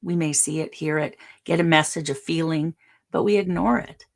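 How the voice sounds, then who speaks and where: Low, gravelly woman, earnest and reflective. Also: normal speed. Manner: earnest, reflective, gently advising. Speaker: podcast co-host. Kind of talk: casual spiritual chat.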